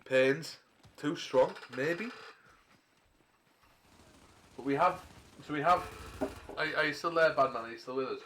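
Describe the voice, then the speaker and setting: A man casting a live video game match, switching between rambling casual chat and quick play-by-play calls. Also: fairly high pitch, fairly bright tone, a little hiss or hum. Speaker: esports caster.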